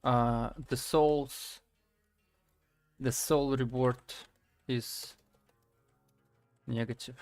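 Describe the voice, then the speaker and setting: A man chats casually on a live stream as he builds his game. His voice is smooth and resonant, and he halts often to think, with lots of fillers. Soft music plays faintly underneath. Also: mid-range voice, steady tone. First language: Slovak. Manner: halting, many fillers and restarts, thinking aloud. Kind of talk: casual live-stream chat while coding.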